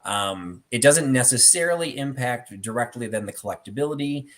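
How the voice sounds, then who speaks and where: A man's voice: mid-range voice, expressive, normal speed, a bit bright. A middle-aged man hosting a casual chat about theatre collectibles, telling stories with many fillers. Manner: rambling storyteller with many fillers. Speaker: host.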